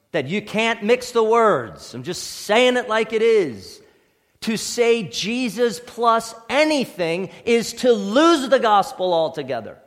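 Emphatic preacher in a reverberant hall. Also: male voice. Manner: emphatic preaching, swinging between loud stresses and quiet low asides. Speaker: pastor. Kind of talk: sermon. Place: church sanctuary.

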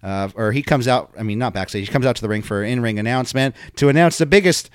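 A man's voice: medium pitch, quick pace, clean tone, dry recording, studio quality. A man co-hosting a casual podcast, recapping events step by step with jokes and many filler words. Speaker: podcast co-host. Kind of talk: casual wrestling show recap chat.

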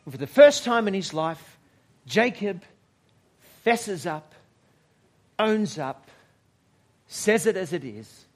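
A man preaching a sermon at a church service, measured and reflective, with dramatic pauses and moments where he drops almost to a whisper. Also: sits high, very animated. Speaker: pastor.

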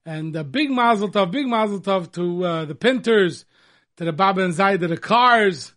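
A man hosting a radio talk show in casual chat, excitable and repeating words for emphasis. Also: sits high, moderate pace.

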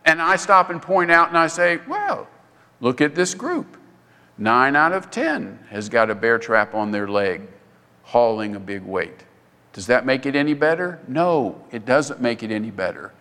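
A man with a fairly high, bright voice preaches a sermon, talking to the congregation like a conversation and jumping far higher whenever he voices someone else. The hall around him rings with a long reverb. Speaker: pastor.

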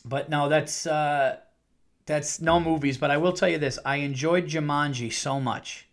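A man's voice: medium pitch, a bit bright. A man hosting his own podcast, talking casually and candidly with lots of fillers and restarts. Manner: rambling and candid, with many fillers and mimicked quotes. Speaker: podcast host. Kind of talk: casual solo podcast chat.

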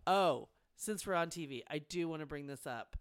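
Chatty, animated woman, smooth clear voice. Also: sits low, moderate pace, dry recording, studio quality. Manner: chatty, animated, swears freely. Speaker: podcast co-host. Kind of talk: casual chat.

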